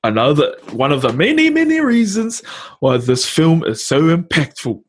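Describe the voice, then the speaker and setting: Host, male, New Zealand accent, slightly high and husky voice, relaxed slangy banter. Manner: laid-back slang-heavy banter, quick to laugh. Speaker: podcast host. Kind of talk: casual chat.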